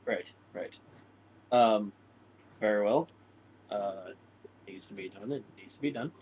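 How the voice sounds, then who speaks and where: A man's voice: on the low side, a little slow, narrow, tinny audio, a little hiss or hum. Rambling male game master. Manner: rambling, many fillers. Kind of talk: narrating a tabletop game.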